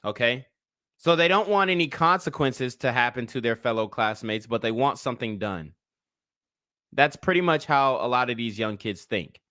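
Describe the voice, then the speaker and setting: A man in his twenties gives casual livestream commentary as a blunt, profane, rambling storyteller. His medium-pitched voice is expressive, bright and forceful at a normal speed, recorded at studio quality with no room sound.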